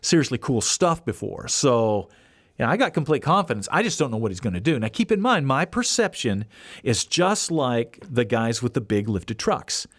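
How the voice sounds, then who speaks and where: A man's voice: mid-range voice, normal speed, no echo. Guy on his podcast spinning a yarn, voice jumps all over, dry close mic. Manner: animated, acts out quoted voices. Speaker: podcast host. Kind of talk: casual storytelling.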